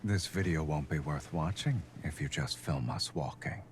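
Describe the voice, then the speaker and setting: Game love interest, very low voice, soft-spoken, calm, teasing. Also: male voice, normal speed, slight background noise. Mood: tender.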